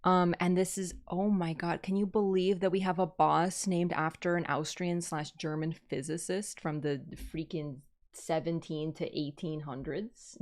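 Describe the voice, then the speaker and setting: A woman YouTuber giving excited, rambling reaction commentary, swinging between loud gushing and hushed murmurs. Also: on the low side, unhurried. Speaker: YouTuber reacting to a game trailer.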